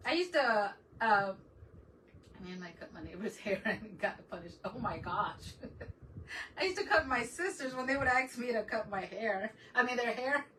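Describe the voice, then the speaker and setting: A woman's voice: on the high side, fairly bright tone, far from the mic, a little hiss or hum, low-quality recording. A woman hosting a live craft stream, chatting casually with viewers and laughing often as she works. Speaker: craft livestream host.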